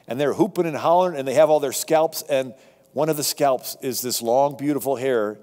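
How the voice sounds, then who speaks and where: A man lecturing on history, telling it as a lively story to a live audience with asides. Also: medium pitch, normal speed, big-room sound. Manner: animated, conversational storytelling with asides. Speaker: speaker on history.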